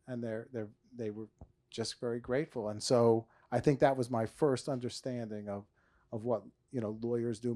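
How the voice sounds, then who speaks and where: A man's voice: mid-range voice, darkish tone. A middle-aged man from New Jersey, an author and former prosecutor, talking in a stage interview with many restarts and dry humor.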